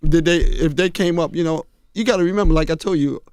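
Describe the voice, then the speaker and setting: An older man tells stories at an unhurried pace, often sinking into a low, confiding tone. His voice sits a little high for a man. It is recorded close and dry in a radio studio. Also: a little mellow, smooth, dry recording. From Harlem, New York. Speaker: guest, fashion designer. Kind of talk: storytelling in a radio interview. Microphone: studio mic.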